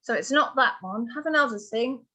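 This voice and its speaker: A woman's voice: fairly high pitch, animated, brisk, pushed and bright. A woman tutoring for an English exam, patiently explaining word meanings to a student. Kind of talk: one-on-one vocabulary lesson.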